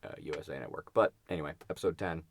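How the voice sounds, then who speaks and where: A young man co-hosts a podcast with a very deep voice, talking at a racing clip. His casual chat rambles, full of fillers and restarts.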